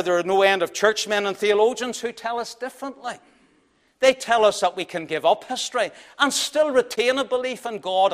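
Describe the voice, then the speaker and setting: High-voiced man preaching an emphatic sermon. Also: fairly bright tone. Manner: emphatic, rhythmic, measured preaching.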